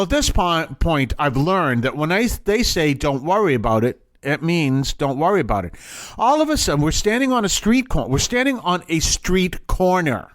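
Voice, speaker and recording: A man's voice: on the high side, fairly bright tone, dry recording, studio quality. A man hosting a podcast, telling stories in a casual, rambling way with restarts and chuckles. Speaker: podcast host. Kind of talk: casual storytelling.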